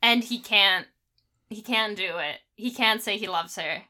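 A woman's voice: medium pitch, unhurried, pushed and bright. A woman in a casual film discussion, criticizing a movie with sarcasm and frequent fillers. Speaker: podcast co-host.

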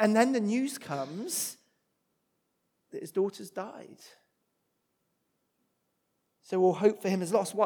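A man preaching a sermon, expressive, moving between loud emphatic passages and hushed ones. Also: high voice.

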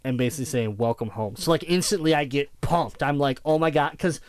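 A man co-hosting a casual chat about video games, rambling and acting out his own excited reactions. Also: mid-range voice, brisk, dry recording. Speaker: podcast co-host.

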